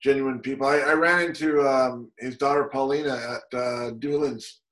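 A man hosting a podcast, chatting casually in a relaxed, halting way. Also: mid-range voice, poor audio. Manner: relaxed, hesitant with fillers. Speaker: podcast host. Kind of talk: casual chat.

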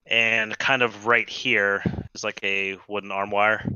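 A man's voice: lowish voice, little pitch movement, unhurried, pushed and bright, smooth, no echo, dull audio. A man running a tabletop game as game master, narrating loosely with frequent restarts.

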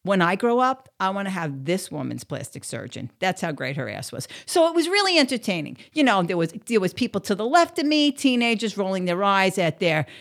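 Brief: woman vlogger, mid-pitched, chatty gossip story, blunt and salty, lots of "you know.". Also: sing-song, brisk, gravelly, few pauses. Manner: chatty, blunt, swears freely, many fillers. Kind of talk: casual storytelling monologue.

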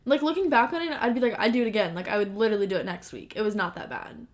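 A young woman co-hosting a podcast, telling stories in a chatty, animated way with lots of "like". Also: medium pitch, very fast. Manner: chatty, animated storytelling with frequent "like". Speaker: podcast co-host. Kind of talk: casual chat.

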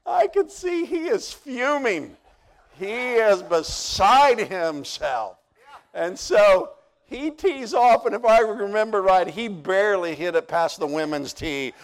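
A man preaching at a camp service, telling folksy stories that build to near-shouts. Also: sits high. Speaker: pastor. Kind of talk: storytelling sermon.

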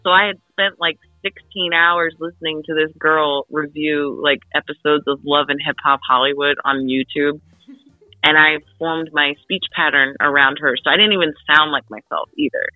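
A young woman from the Philadelphia suburbs, an actress guest telling an animated story full of fillers in an interview. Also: deep voice, normal speed, no room sound. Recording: tinny phone-line radio, dry.

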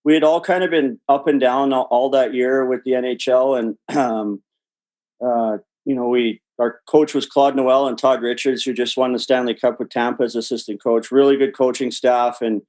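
A man's voice: medium pitch, steady tone, moderate pace, a little mellow, low-quality recording. A man telling a rambling locker-room story with lots of swearing and laughter, speaking as an interview guest. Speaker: guest, former hockey player. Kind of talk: casual storytelling.

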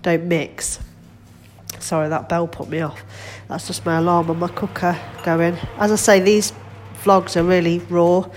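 A woman in middle age rambles cheerfully through a home vlog from her kitchen. Her voice sits low and sounds stuffed up from a cold. Faint home ambience hums in the background. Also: level tone, moderate pace, a little hiss or hum. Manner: chatty, rambling, self-deprecating. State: congested with a cold. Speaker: vlogger. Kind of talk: casual chat.

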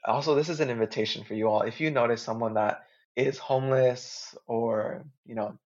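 A man in a relaxed podcast conversation, speaking as a guest astrologer. He sounds earnest and heartfelt, with a middle-pitched voice and casual slang. The audio is muffled and lo-fi.

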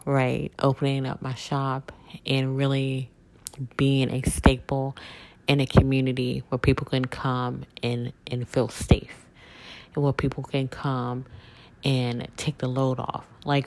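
Very low-voiced woman talking slowly. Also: a little mellow. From southern United States. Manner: heartfelt, rambling, frequent fillers and self-corrections. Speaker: podcast host. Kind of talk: casual personal monologue.

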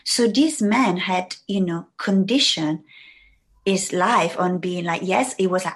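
Husky-voiced woman musing in a rambling way. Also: fairly low pitch, unhurried. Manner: rambling, reflective, many fillers. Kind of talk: casual conversation.

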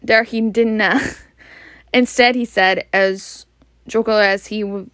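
A woman with a Scottish accent reading a storybook aloud, unhurried, now and then stumbling over words and laughing. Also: mid-range voice, steady tone, fairly bright tone, no room sound, studio quality. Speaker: reader.

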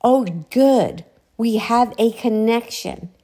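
A woman's voice: fairly high pitch, slow pace, mellow, pitched above the performer's own voice. A woman voicing an eerie, faraway female voice calling out through a radio. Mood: eager. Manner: calling out, searching.

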